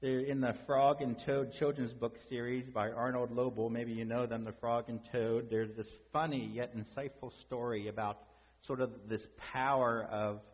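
A man's voice: medium pitch, level tone, moderate pace, breathy edge, big-room sound. A man preaching a sermon as pastor, conversational and full of rhetorical questions.

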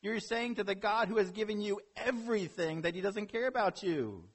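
Husky-voiced man preaching a sermon. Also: high-pitched, expressive, moderate pace. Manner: earnest, rhetorical questions, rising emphasis. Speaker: pastor.

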